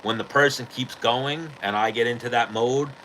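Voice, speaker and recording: A man's voice: medium pitch, normal speed, pushed and bright, slight background noise, poor audio. A male podcast host telling a rambling, profane story in casual chat.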